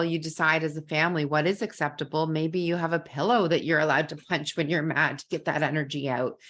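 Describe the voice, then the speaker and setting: Chatty woman parenting coach, lowish voice. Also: fairly bright tone. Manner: chatty, many "like" fillers, acts out quoted lines. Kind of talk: live masterclass teaching.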